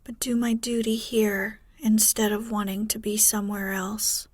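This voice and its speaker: Whispered role-play of a wild, resolute tomboyish teenage girl, as a woman puts her on, firm in a husky hush. The sound is close and dry, and the pace stays slow. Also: medium pitch, little pitch movement, no room sound, close to an everyday voice. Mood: resolved.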